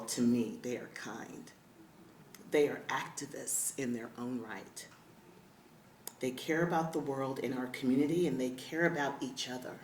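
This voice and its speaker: Woman, middle-aged, acceptance speech, low voice, emotional laughing asides, echoey hall, faint murmur. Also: a little hiss or hum. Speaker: award honoree giving acceptance speech. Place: large event hall.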